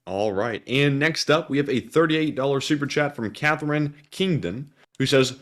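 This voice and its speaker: A man's voice: mid-range voice, moderate pace, few pauses, fairly bright tone. A man co-hosting a livestream, reading donor messages aloud in an easygoing, chuckling way. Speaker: livestream co-host reading donations.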